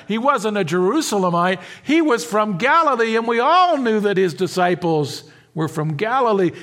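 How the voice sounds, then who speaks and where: Preaching an expository sermon, this pastor's voice sits high as he alternates soft, quiet sections with loud, forceful ones. His delivery includes halting restarts and repeated words.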